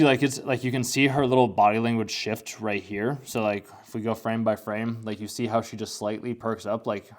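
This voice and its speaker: A young man giving casual anime commentary, rambling along with lots of "like" fillers. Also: fairly low pitch.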